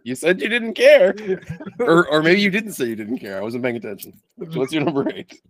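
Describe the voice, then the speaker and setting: Wisecracking man with a lively voice. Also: fairly high pitch, normal speed. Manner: wisecracking, laughing, lots of fillers. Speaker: podcast co-host. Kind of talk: casual chat.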